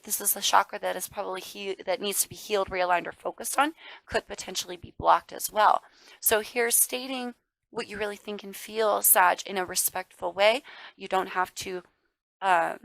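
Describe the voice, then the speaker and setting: Speaking in a medium, somewhat bright voice, a woman does a casual tarot reading for her viewers, getting worked up, talking emphatically, occasionally cursing, and calling the listener baby and darling. The recording is low quality but echo-free.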